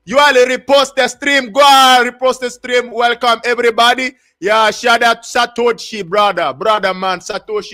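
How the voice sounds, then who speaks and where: Excitable man with a very high voice. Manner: excitable, repetitive, slangy hype talk. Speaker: livestream host. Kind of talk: casual live-stream chat.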